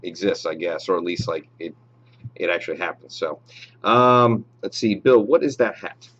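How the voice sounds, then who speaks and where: A man hosting a live show, chatting casually and reading out viewer shout-outs. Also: sits low, fairly even intonation, normal speed, muffled recording. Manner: reads viewer names and approves shout-outs, chatty with fillers. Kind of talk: casual live stream chat.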